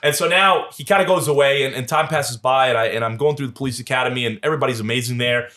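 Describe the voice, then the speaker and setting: A man, telling lively stories as a podcast guest and acting out the voices of the people in them. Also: medium pitch, fast talker. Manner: animated storyteller, acts out quoted voices. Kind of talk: casual storytelling interview.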